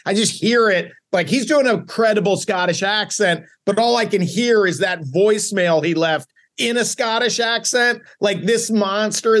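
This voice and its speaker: A man's voice: sits high, a bit bright. A middle-aged man co-hosting a sports talk show, telling rambling stories with wry asides. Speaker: co-host. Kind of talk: casual sports podcast chat.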